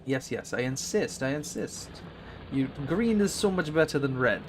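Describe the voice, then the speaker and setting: A man's voice: medium pitch, lively intonation, normal speed, slight background noise, close to an everyday voice. A man voicing a bossy male villain in a put-on Russian accent, dropping words and repeating himself pushily. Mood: insistent. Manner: broken grammar, pushy repeating.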